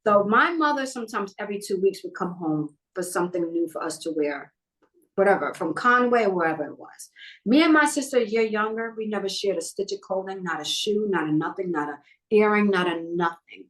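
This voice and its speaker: A woman's voice: mid-range voice, brisk. A middle-aged woman from New York telling personal stories in a casual interview and acting out the people in them. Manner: animated, acts out the people in her stories. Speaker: guest, talent manager.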